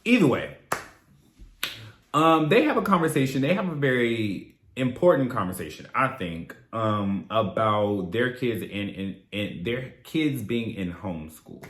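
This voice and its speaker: A man's voice: medium pitch, lively intonation, a little slow, a bit bright, echoey room. A man hosting a casual recap of a reality TV show, sassy and blunt, with profane slangy asides. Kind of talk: casual video recap commentary.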